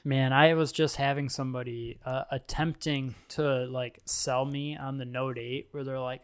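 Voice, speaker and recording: A man's voice: mid-range voice, fairly even intonation, normal speed, hardly any pauses, clean tone. A man co-hosting a podcast in casual tech chat, telling loose anecdotes peppered with "like". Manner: loose, chatty anecdotes full of "like". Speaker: podcast co-host.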